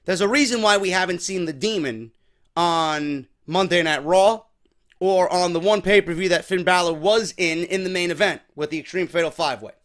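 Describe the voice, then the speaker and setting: A man from New York recaps a wrestling show in a casual, opinionated way, high-pitched for a man. He talks bluntly, swears freely and gets animated about what he thinks. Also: moderate pace.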